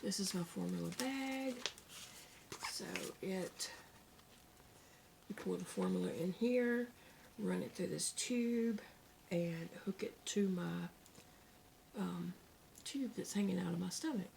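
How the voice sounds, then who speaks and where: Soft-spoken gravelly Southern woman. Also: mid-range voice, noisy background. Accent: Southern American. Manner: soft-spoken, candid, with pauses and fillers. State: emotional after crying. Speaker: vlogger. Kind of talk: casual vlog talk to camera. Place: at home, indoors.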